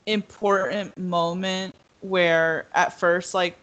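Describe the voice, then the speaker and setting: A woman's voice: fairly low pitch, level tone, slow pace, fairly bright tone, lo-fi sound. Young woman rambling with many fillers. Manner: rambling, filler-heavy, acts out quotes. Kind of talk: casual podcast discussion.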